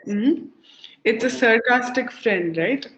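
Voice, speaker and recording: Over a video call, a young woman tutors English in a conversation practice lesson, chatty and often laughing as she explains things with examples. She speaks slowly in a fairly high, fairly bright voice. The call audio is dull and lo-fi, with an echoey room and slight background noise.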